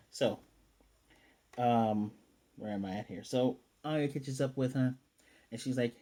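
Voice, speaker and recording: Mellow American male host, loose rambling anime recap full of fillers. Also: mid-range voice, unhurried, long pauses. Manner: rambling, many fillers and self-corrections. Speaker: anime reviewer. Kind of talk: casual episode review.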